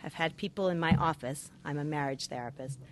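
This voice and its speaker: A woman's voice: low-pitched, brisk, noisy background. A middle-aged woman, a marriage therapist, giving earnest, emphatic advice point by point. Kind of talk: advice talk with numbered points.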